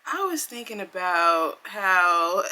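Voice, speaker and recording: A woman vlogging in casual chat, animated and giggly, with chatty asides and a drawn-out delivery. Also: mid-range voice.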